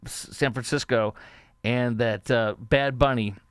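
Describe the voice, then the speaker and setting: A man hosting a political talk show, giving opinionated commentary in a sarcastic, mocking way, halting often with fillers. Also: medium pitch, steady tone, clean tone, no echo, studio quality.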